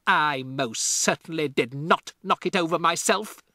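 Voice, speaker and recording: A man's voice: fairly high pitch, normal speed, sharp tone, dry recording, clean studio sound, voice pushed up. A man voicing a huge, tyrannical female headmistress who roars and barks insults in an audiobook. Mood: indignant. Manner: roaring, barking insults. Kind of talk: audiobook character voice.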